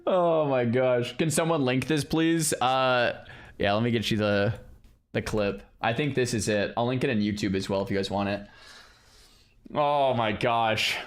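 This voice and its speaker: A man's voice: mid-range voice, normal speed. A man hosting a stream, chatting to viewers in casual reaction commentary, often repeating himself. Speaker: streamer host.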